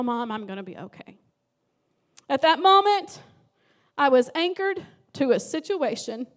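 High-voiced woman pastor preaching. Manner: emotional, dramatic storytelling with sudden loud emphasis. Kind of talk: sermon.

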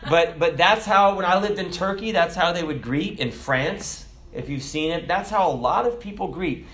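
A middle-aged man preaching a sermon as a pastor, telling stories and jumping from loud, high bursts to soft, low asides. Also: normal speed. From America. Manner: animated storytelling preacher, jumps loud and high then drops soft.

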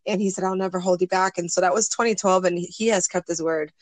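Her voice is fairly low with fairly even intonation, and she talks at a quick pace with no echo. She's a woman in her forties guesting on a casual interview, earnestly telling a personal story and voicing what others said.

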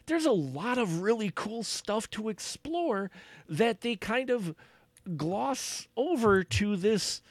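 A man's voice: fairly high pitch, no room sound. A man co-hosting a podcast in casual film review chat, rambling and often restarting and repeating his words. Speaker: podcast co-host.

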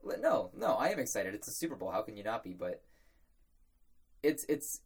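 A man's voice: on the low side, sing-song, normal speed, husky. A young man co-hosting a casual sports podcast, easygoing and laughing along. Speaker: podcast co-host.

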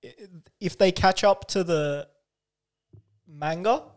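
A man's voice: high voice, takes it slowly. A young man co-hosting a podcast in casual chat, teasing, swearing and laughing often. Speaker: podcast co-host.

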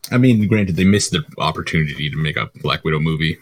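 A man's voice: extremely low pitch, fast talker. A laid-back man in casual chat, dropping frequent short agreements.

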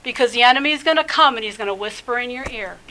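Fervent high-voiced woman preaching. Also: rapid-fire, bright, forceful tone, a little hiss or hum, low-quality recording. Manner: fervent, exhorting, with many restarts and filler phrases. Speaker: rabbi preaching a podcast teaching. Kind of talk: sermon.

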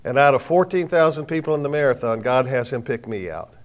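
Middle-aged male preacher, mid-pitched voice, lively storyteller before a crowd, jokes at his own expense, drops to soft asides then punches lines out loud. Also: fairly quick, lo-fi sound. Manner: lively storytelling, swings from soft asides to loud bursts, self-mocking humor. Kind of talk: sermon. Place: before a live audience.

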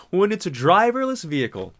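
A young man talking in a casual, rambling monologue. He swears often, uses slang, and breaks into mocking impressions. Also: medium pitch. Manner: loose and profane, slangy, jumps into mocking impressions.

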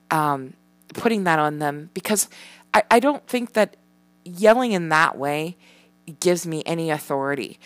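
A woman's voice: low-pitched, fairly bright tone, no room sound. A mother venting in a candid personal vlog. She rambles frankly, swears a lot, and fills her talk with ums, restarts and "you know". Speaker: parent.

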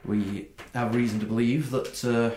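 A man voicing a grim female watch commander in a tabletop game, speaking slowly and with weight. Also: medium pitch, steady tone, a little mellow, a little hiss or hum, natural voice. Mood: grave. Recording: echoey room.

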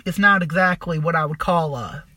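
A young man tells a profane, meandering story, getting animated as he goes. His voice sits high and slightly husky. The sound is dry and close, with no room echo. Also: moderate pace. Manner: profane, rambling, animated retelling. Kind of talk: casual storytelling monologue.

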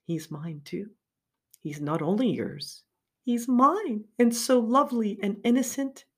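Woman putting on a high, tender lady lover. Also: animated, a little slow, slightly rough, exaggerated voice.

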